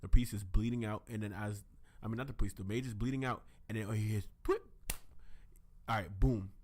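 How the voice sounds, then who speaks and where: A man's voice: lowish voice, fairly even intonation, fast talker, a little mellow. A man co-hosting a podcast, casually recapping an anime episode and acting out scenes with silly voices. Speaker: podcast co-host.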